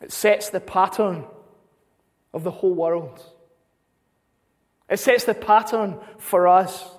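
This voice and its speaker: A man's voice: high-pitched, takes it slowly. A man preaching a sermon, earnest, repeating phrases for emphasis. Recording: long hall reverb.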